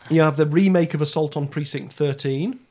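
A man's voice: a little high, fairly quick, a little mellow. A man hosting a casual chat, wry and self-deprecating, often trailing off with a laugh. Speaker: podcast host.

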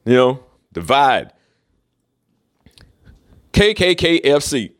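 Male podcast host, solo casual monologue, mid-pitched voice, profane and emphatic. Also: very animated, slow pace.

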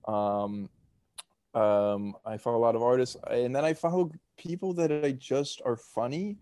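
A man's voice: mid-range voice, a little slow, mellow, smooth, dry recording. A man co-hosting a podcast, telling stories in a loose, rambling way full of fillers and laughs. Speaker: podcast co-host. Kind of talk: casual chat.

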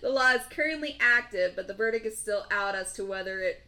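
A woman co-hosting a casual podcast, talking in an animated, slangy way and acting out little quoted bits. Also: mid-range voice, a little fast. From Nevada. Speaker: podcast co-host. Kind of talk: casual chat.

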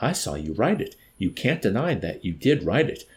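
A man's voice: lowish voice, sing-song, normal speed. A man voicing a sanctimonious army major who accuses with false sorrow. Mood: accusing. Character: sanctimonious, menacing army major, male, adult.

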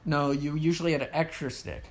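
A man's voice: on the high side, fairly even intonation, a little fast. A man hosting a podcast, chatting casually, teasing his co-host and laughing often. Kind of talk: casual chat.

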